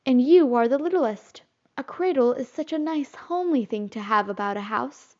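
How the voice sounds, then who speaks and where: A woman's voice: sits high, expressive, normal speed, a little mellow. A woman voicing a bossy young girl who plays mother to a group of boys, fussy and scolding, in a storybook reading. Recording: slightly muffled recording.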